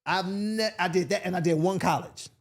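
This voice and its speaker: A male comedian from Sacramento spins a long story in a relaxed podcast chat. His voice sits a bit high for a man, and he jumps into other people's voices as he tells it. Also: moderate pace, gravelly. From Sacramento, California. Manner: animated, acts out voices in his stories. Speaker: comedian guest.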